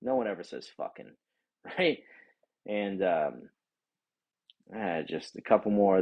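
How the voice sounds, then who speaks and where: A man telling a profane, animated rant about a bad day out, acting out the other people in the story. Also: deep voice, slow pace, creaky, pauses often, rough recording. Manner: animated, swears a lot, acts out voices of others. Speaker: vlogger.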